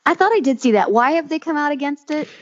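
A woman's voice: high-pitched, lively intonation, fast talker, dull audio. Rambling woman co-hosting a podcast. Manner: rambling, lots of fillers and restarts. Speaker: podcast co-host. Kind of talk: casual chat.

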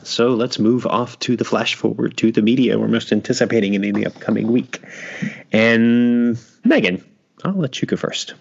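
A man's voice: medium pitch, moderate pace, creaky, husky, lo-fi sound. A man hosting a podcast in casual chat, laughing often and trailing off into restarts. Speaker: podcast host.

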